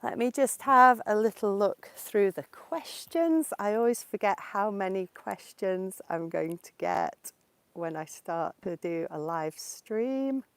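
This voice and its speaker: Slow, clear woman teacher. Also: mid-range voice, lively intonation, dry recording. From England. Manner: slow, clear and explanatory, answering viewer questions. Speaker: English teacher. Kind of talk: casual live-stream lesson while walking. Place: outdoors in the countryside. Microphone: portable mic while walking.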